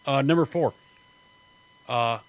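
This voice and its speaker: A man's voice: medium pitch, slow pace, no echo, low-quality recording. A man hosting a talk radio show, chatting casually and laughing often between jokey asides. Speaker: radio host.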